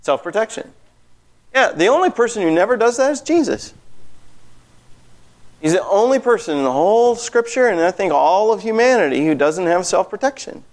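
Guy leading a bible class, talks emphatic and lively, keeps saying you know. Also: sits high, moderate pace. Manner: animated, emphatic, with many "you know" fillers. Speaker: Bible study teacher.

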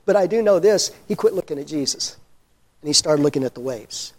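A man preaching a sermon, telling the story with animated humor and posing rhetorical questions, then dropping to quiet earnestness. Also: a little high, brisk. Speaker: pastor.

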